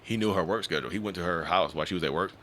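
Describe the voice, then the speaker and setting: A man working as a relationship coach, telling stories in a casual interview in an animated, colloquial way. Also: sits low, very fast, slight background noise. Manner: animated storyteller who acts out quoted voices; colloquial, repeats 'you know'.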